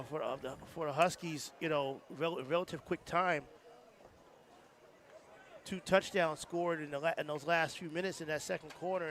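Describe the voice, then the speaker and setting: A man giving color commentary on a college football game, talking in halting bursts with many restarts. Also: on the high side, a bit bright. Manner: halting, full of fillers and restarts. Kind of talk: live sports commentary. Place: outdoor stadium press box.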